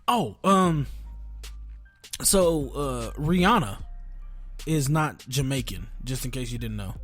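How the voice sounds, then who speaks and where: A man's voice: mid-range voice, lively intonation, slow pace, a bit bright, faint music behind. A man co-hosting a casual podcast, chatty and laughing often as he tells stories. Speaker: podcast co-host. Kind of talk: casual chat.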